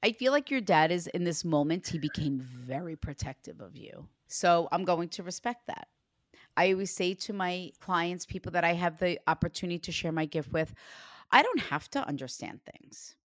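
A woman's voice: lowish voice, moderate pace, dry recording, clean studio sound. A woman working as a psychic medium, giving a reading to a client in an earnest, reassuring way. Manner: earnest, reassuring, animated when retelling.

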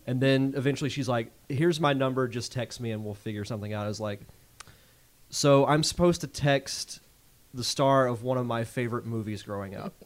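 A male podcast host talks in an easygoing, conversational way while trading stories with his guests. His voice sits at an ordinary middle pitch. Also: a little fast. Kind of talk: casual podcast chat.

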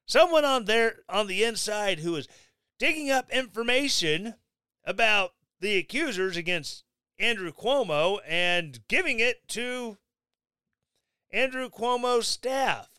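Sarcastic, high-voiced male commentator. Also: takes it slowly, clean tone, no echo. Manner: sarcastic, mocking, animated asides. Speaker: commentary vlogger.

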